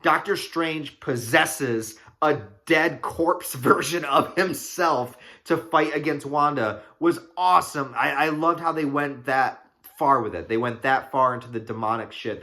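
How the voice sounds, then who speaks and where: An excitable young man talks through a movie review in a loose, rambling way, full of fillers and curses. His voice has a bright, forceful edge. He sounds like he's chatting straight to his viewers. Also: medium pitch, moderate pace. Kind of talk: casual spoiler review.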